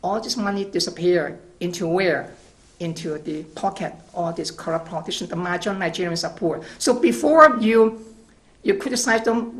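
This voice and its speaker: A man guest in a TV interview, arguing his point emphatically with rhetorical questions and restarts. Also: high-pitched. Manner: emphatic, rhetorical questions, repeats words at the start of phrases. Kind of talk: argumentative interview answers.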